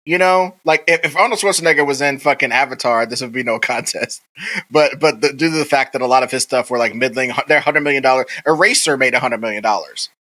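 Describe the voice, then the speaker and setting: A man's voice: medium pitch, fast, bright, forceful tone, low-quality recording. A man co-hosting a podcast in casual, rambling chat, swearing freely and acting out movie quotes. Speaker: podcast co-host.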